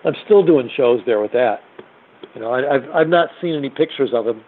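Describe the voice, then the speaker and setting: A man's voice: mid-range voice, brisk. A man, a musician, telling a blunt and profane story in a casual spoken way. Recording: tinny phone-like audio.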